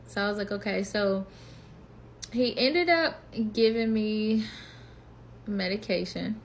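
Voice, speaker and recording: A woman's voice: mid-range voice, slight background noise. A woman in her twenties telling a personal story in a casual, chatty vlog, acting out what she thought and said. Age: 20s. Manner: chatty, animated retelling with quoted inner voice. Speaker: vlogger.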